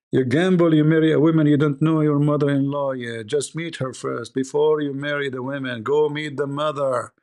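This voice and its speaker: Gravelly joking man telling stories. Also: fairly high pitch, fairly even intonation, normal speed, a little mellow. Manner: laughs at own stories, acts out dialogue. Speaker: live stream host. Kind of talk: joking live-stream monologue.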